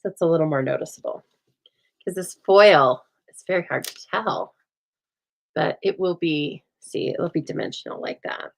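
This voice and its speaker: A woman hosting a casual craft demonstration, chatty and often laughing, with a calm, soothing voice and a dry deadpan humor, recorded on a phone. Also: fairly low pitch, normal speed, gravelly, poor audio. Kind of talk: casual chat during a craft demo.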